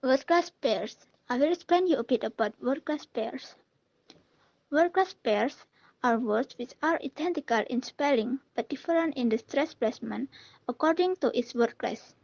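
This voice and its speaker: A woman's voice: sits high, expressive, moderate pace, vocal fry, a little mellow. A young woman student steadily reading a prepared class presentation, in a dull lo-fi recording.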